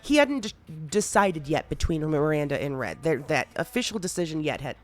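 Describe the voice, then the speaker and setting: A woman's voice: low-pitched, very animated, fairly quick. A woman hosting a podcast, chatting casually and recounting a roleplay story with frequent laughs and casual swearing. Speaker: podcast host.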